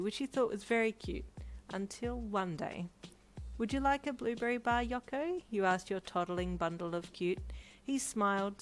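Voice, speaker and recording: A woman reading a second-person fan story aloud with lively, expressive narration. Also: lowish voice, rough recording. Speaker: fanfic narrator.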